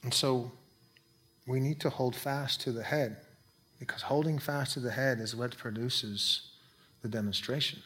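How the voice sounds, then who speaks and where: A pastor preaching a sermon in a conversational way, breaking into quick asides. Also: male voice, medium pitch, fairly even intonation, a bit bright.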